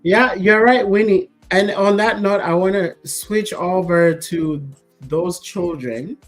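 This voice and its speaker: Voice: medium pitch, slow, faint music behind. A talk show host who keeps the chat moving and fills in with short responses. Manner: steers the talk, backchannels often. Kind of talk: casual chat.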